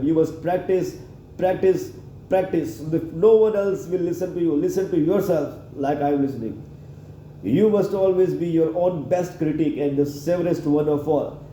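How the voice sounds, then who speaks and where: A man's voice: on the high side, dark tone. A man reading a public speaking manual aloud, stopping to add his own comments, and often repeating or correcting words as he goes. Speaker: reader practicing public speaking. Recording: roomy echo with faint background hum.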